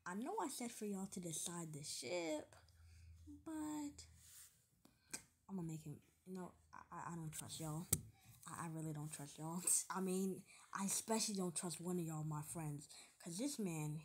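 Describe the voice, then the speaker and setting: A woman tells a fan story in a loose, rambling way, full of fillers and side jokes. Her voice is on the low side and noticeably breathy. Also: a little slow, darkish tone. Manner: rambling, filler-heavy, joking asides. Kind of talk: casual retelling of a fan story.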